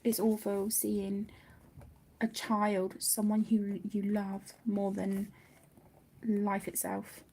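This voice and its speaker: A woman hosting a colouring live stream, speaking softly and haltingly, often close to a whisper, emotional and near tears. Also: medium pitch, monotone, breathy edge. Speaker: colouring channel host. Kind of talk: casual live-stream chat while colouring.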